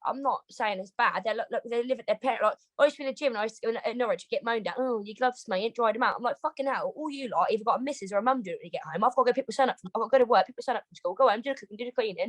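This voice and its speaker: A British woman, a boxer, talks over a video call at a breakneck pace, animated and swearing constantly. Her voice sits a little high. The sound is dry, with no room echo. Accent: British English. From Britain. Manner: rapid, animated and heavily swearing. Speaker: boxer, interview guest. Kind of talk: casual interview chat.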